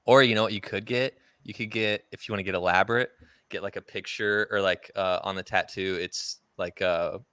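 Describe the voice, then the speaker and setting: A man's voice: on the low side, steady tone, brisk, pushed and bright, smooth, no room sound. A man hosting a podcast in casual chat, easygoing and playful, laughing along with his guest. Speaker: podcast host.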